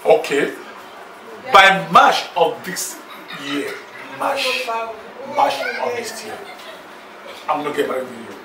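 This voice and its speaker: An actor playing a boastful, newly rich man who sweet-talks several girlfriends on the phone, excited and laughing. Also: high voice, a little slow, long pauses, roomy sound, far from the mic, noisy background, exaggerated voice. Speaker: lead character in a film. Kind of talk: Nollywood film acting.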